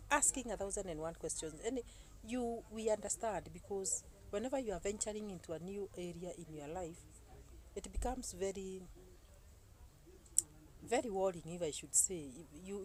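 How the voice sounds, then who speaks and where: A woman, telling a story to camera in an animated way, full of exclamations. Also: lowish voice, low-quality recording. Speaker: YouTuber. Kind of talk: casual talk to camera. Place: indoors, seated. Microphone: phone camera.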